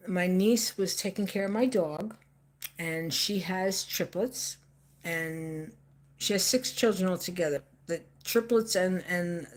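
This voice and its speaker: A woman's voice: lowish voice, darkish tone. An older woman, talking off the cuff on a live stream in a rambling, emphatic way, often repeating herself. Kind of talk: casual live-stream monologue.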